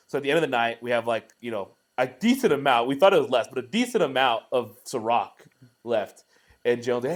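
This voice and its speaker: A man's voice: mid-range voice, fast. A young man co-hosting a podcast, telling rowdy stories in casual, profane chat and acting out his friends' lines. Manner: animated, profane, acts out friends' lines in louder voices. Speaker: podcast co-host.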